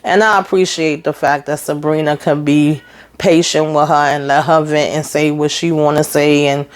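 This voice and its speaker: A woman with a low, deep-set voice talks through a TV episode in a casual recap. She is chatty and slangy, and she drops blunt opinions as she goes. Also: level tone, moderate pace. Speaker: TV recap host.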